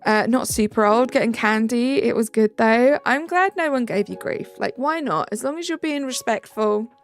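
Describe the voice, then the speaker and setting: Young english woman streaming, kinda high voice w/ some fry, music going faintly behind. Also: moderate pace. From England. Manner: chatty, reacts aloud to viewer comments. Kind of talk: live stream chat, reading comments.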